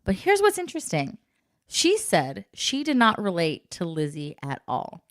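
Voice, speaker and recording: A woman's voice: on the low side, normal speed. A middle-aged woman co-hosting a casual podcast, telling family stories and laughing often. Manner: laughs often, animated storytelling. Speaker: podcast co-host. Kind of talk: casual chat.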